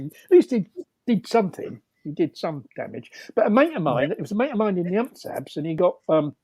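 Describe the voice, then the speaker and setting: A man's voice: fairly high pitch, a little mellow, breathy edge, no room sound. A man telling rambling anecdotes over a video call, laughing often, with many fillers and restarts. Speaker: storyteller guest.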